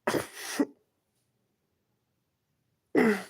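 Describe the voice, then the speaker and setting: A man talking at length in his apartment, distressed and aggrieved, rambling from one complaint to the next. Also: extremely slow. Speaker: vlogger. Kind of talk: rambling personal monologue to camera.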